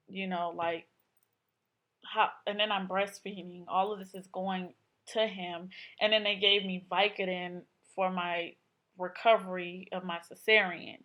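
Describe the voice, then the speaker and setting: A woman's voice: mid-range voice, steady tone, measured pace, a bit bright. A young woman vlogging casually, telling a personal story in a chatty way, full of "like" and acted-out quotes. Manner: chatty, filler-heavy, acts out quotes.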